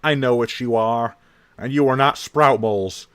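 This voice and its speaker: A man voicing a boastful, pompous adult male knight with a put-on Southern US accent, drawled slowly and loudly. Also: mid-range voice, smooth, no room sound, studio quality, close to an everyday voice.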